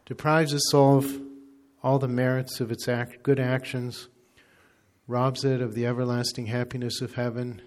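A man, a priest, preaching a sermon in a deliberate, emphatic way. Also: mid-range voice.

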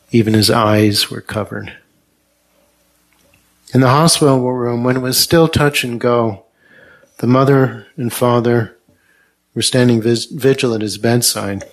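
Male preacher, unhurried sermon delivery, gentle and earnest, middle pitch.

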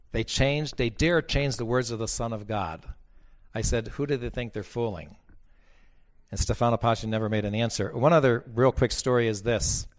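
A man speaking as a bishop, telling stories in a blunt, emphatic preaching talk that repeats its points. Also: medium pitch.

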